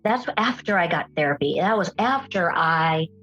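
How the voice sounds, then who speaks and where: A woman with a husky, slightly breathy voice recounts her own experience, earnest and emphatic, and she leans on key words by slowing down. The sound is dull and lo-fi, with faint music underneath. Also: fairly low pitch, expressive, a bit bright. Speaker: podcast guest. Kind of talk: personal storytelling.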